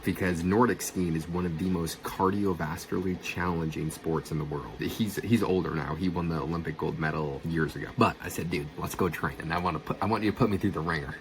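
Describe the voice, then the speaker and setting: A man with a very low voice tells a personal story in a loose, casual way. He swears now and then and acts out what people said. Faint noise hums behind him. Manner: swearing, animated retelling with quoted dialogue. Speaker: vlogger.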